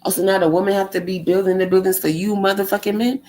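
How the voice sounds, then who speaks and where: A woman in the middle of a heated, profanity-laden rant, exasperated and biting. She pelts out rhetorical questions and mocks the people she is complaining about. Her pitch sits in an ordinary middle range. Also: fairly even intonation, quick pace, hardly any pauses, darkish tone, low-quality recording. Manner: exasperated, sarcastic, heavy swearing; fires rhetorical questions, mocks others in a put-on tone. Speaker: vlogger.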